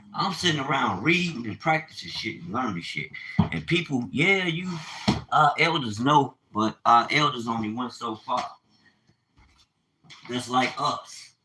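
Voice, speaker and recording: A man's voice: mid-range voice, pushed and bright, slight background noise. Profane, preachy man in an echoey room. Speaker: vlogger. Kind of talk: unscripted monologue.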